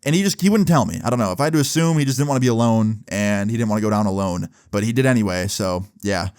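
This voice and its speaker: Animated young man telling a storytime. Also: on the low side, quick pace, clear, resonant tone, no room sound, studio quality. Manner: animated, profane, conversational. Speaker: video creator. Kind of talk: casual storytime vlog.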